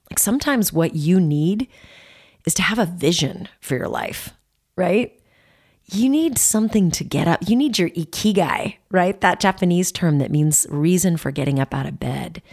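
A woman's voice: deep voice, a little mellow. A woman in her late forties giving a motivational self-help talk, earnest and playful, stretching words out for emphasis. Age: 40s.

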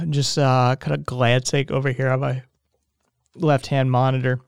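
A man's voice: mid-range voice, steady tone, unhurried, creaky, smooth, no room sound, clean studio sound. Tired, meandering male podcast host. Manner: meandering, frequent fillers and restarts, swears casually. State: tired, yawning. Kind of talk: casual rambling monologue.

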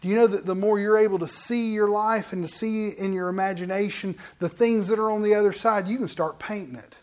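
Man, pastor, high-pitched voice, animated chatty sermon, church. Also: fairly quick. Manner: animated, conversational preaching with asides.

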